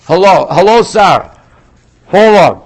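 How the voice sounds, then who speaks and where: A man's voice: high voice, expressive, a little slow, no echo, low-quality recording. An older man from Montreal ranting in casual chat on a live stream, talking straight to his viewers and reading out their comments. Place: outdoors in a big city at dawn. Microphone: phone.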